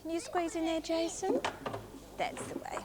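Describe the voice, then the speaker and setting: A young woman presenting a children's TV show in a coaxing, sing-song way, speaking slowly to small children on a clip-on mic in a studio. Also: very high voice, huge pitch swings, background noise. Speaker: children's TV host. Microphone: clip-on mic on jumper.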